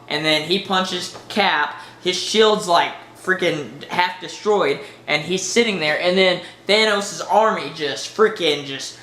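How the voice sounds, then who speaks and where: Gushing high-voiced man reviewing a movie. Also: bright, forceful tone, echoey room. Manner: gushing, rambling, lots of fillers and restarts. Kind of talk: excited casual movie review.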